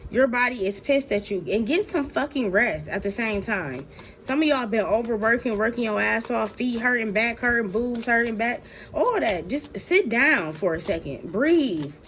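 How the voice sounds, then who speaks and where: A woman's voice: fairly high pitch, lively intonation, moderate pace, a bit bright, slight background noise. A woman giving a casual tarot reading to her viewers. She talks in a blunt, slangy, profane way, addresses them directly, and laughs often. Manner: slangy, talks straight to "y'all". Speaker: tarot reader.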